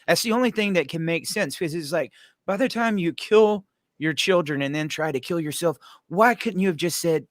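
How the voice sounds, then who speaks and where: A man's voice: on the high side, moderate pace, no echo. A man hosting a live stream, speaking earnestly and directly to a guest and viewers. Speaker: host. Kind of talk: live stream talk show.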